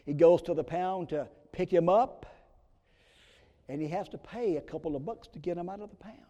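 Pastor, man, fairly high voice with mellow tone, preaching with big swings to whispers, long church reverb. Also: normal speed, muffled recording. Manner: dramatic swings from loud emphasis to hushed whispers. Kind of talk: sermon. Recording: long reverb of a large hall.

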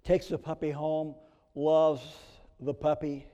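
Man, pastor, sermon, shifts from loud to whispered, mellow, reverberant sanctuary. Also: a little high, flat delivery, takes it slowly, lo-fi sound. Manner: dramatic swings from loud emphasis to hushed whispers. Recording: long reverb of a large hall.

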